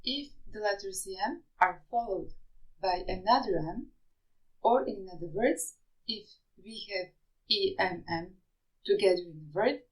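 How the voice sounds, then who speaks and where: A woman's voice: medium pitch, rough recording. A woman teaching pronunciation, spelling out rules and carefully over-articulating example words. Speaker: French teacher. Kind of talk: slow, deliberate pronunciation lesson.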